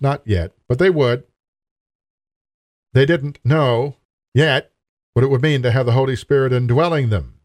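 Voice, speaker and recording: A man's voice: mid-range voice, no room sound. Earnest male preacher, dry sound. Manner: earnest, emphatic preaching with direct appeals to listeners. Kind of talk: sermon.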